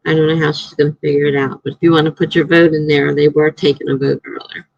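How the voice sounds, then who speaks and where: A woman's voice: deep voice, flat delivery, quick pace, vocal fry, a little mellow, dry recording, dull audio. A woman, a writer, hosting a casual live stream from home, chatting in a rambling way and laughing often.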